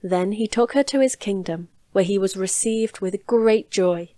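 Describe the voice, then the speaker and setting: A woman reading a fairy tale aloud in a calm, measured storytelling voice, recorded in a home studio. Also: mid-range voice, dry recording.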